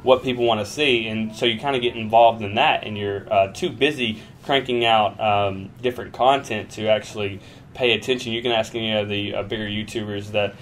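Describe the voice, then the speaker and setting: A man's voice: fairly low pitch, steady tone, fairly quick, fairly bright tone, a little hiss or hum. A young man casually answering viewer questions in a rambling, jokey way, swearing freely. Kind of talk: casual Q and A vlog.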